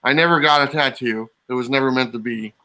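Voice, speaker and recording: A man joining a casual comic livestream as a guest, easygoing and quick to laugh. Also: medium pitch, pushed and bright. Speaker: guest collector.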